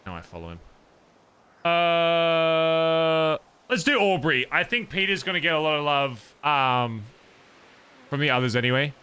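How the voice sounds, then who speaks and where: A man's voice: a little high, big pitch swings, measured pace, pauses often, sharp tone, smooth. A man streaming a roleplay game, talking casually to his viewers and often checking in with them. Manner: chatty, addresses viewers directly, frequent "okay?". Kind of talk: casual end-of-stream chat.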